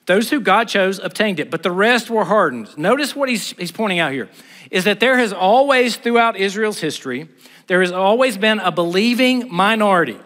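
A man's voice: high-pitched, animated, normal speed, fairly bright tone. A middle-aged man preaching a sermon in an emphatic, blunt, conversational way. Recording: reverberant hall.

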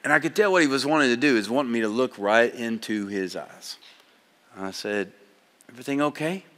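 Preacher man booming in a reverberant hall. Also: lively intonation, fairly quick. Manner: swings from loud exhortation to hushed storytelling. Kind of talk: sermon with personal story.

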